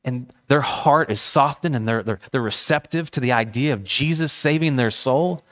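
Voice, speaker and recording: A man's voice: mid-range voice, moderate pace, a bit bright. Earnest man preaching a sermon. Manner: storytelling with personal anecdotes. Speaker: pastor. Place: church.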